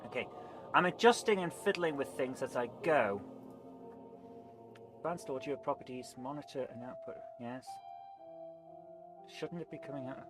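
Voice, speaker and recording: On a live game stream, a man with a mid-range, sharp-toned voice chats casually and rambles. He reads viewer comments aloud and eats in between his remarks.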